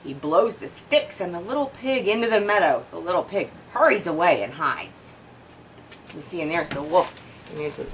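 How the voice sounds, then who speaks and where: Mom reading a picture book aloud, lively sing-song pitch, chatty asides to her child. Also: moderate pace, a little hiss or hum, poor audio. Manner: expressive, points out pictures to a child. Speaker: storyteller and mother. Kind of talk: children's storybook read-aloud.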